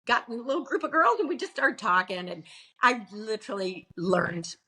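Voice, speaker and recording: A middle-aged woman, a pastor, chatting as a podcast guest and telling animated stories with frequent laughter. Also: a little high, normal speed, slightly rough. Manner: animated storyteller, laughs often. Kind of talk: casual interview chat.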